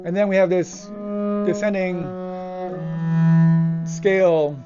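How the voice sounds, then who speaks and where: A man teaching a piece of music, talking it through thoughtfully with pauses and restarts as he demonstrates it. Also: high voice, steady tone. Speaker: cellist teacher. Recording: dull lo-fi with cello playing. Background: cello phrases between remarks.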